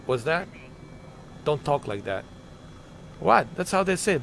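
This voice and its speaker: A man's voice: fairly high pitch, very animated, unhurried, gravelly, pauses often, a bit bright, slight background noise. A man livestreaming a flight game, rambling in an exasperated, joking way and muttering asides under his breath. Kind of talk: casual gaming commentary.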